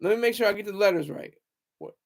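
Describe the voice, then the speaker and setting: A young man ranting casually to his viewers, taunting critics in a loud, rambling way. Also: sits high, fast, gravelly. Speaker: streamer talking to viewers. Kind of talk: casual livestream rant.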